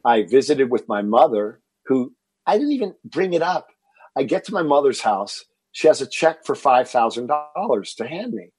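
A husky, mid-range male voice at normal speed, recorded with no room sound. He's a Texas fitness entrepreneur in his fifties telling stories in an interview, animated and stumbling over repeated words when excited.

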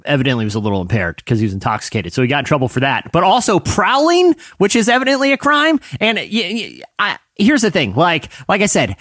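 Lively ranting podcast man. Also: a little high, fast talker, hardly any pauses, dry recording, clean studio sound. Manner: animated ranting, heavy use of "like". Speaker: podcast co-host. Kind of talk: casual comedic banter.

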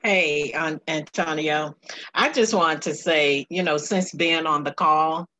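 A woman's voice: low-pitched, slow pace, bright, forceful tone. A woman on a group video call telling how her attitude has changed, chatty and playful. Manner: chatty, playful, laughing asides. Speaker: call participant. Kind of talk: casual testimony on a video call.

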